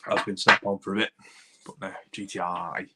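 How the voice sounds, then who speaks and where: A man's voice: sits low, level tone, normal speed, very noisy. A man in his thirties with a Doncaster accent, rambling casually as he chats with viewers on a livestream and reads their comments. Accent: Doncaster, South Yorkshire. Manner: rambling, chatty, addresses viewers as buddy and mate. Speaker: livestream host, car mechanic.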